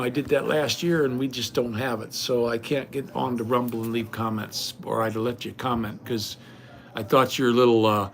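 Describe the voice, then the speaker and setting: An older man talks straight to his viewers in a loose, folksy ramble, often tripping over his words and starting sentences again. His voice sits at an ordinary middle pitch. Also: slight background noise. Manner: folksy, rambling, frequent restarts and stammers. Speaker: vlogger. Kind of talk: casual rambling chat to viewers.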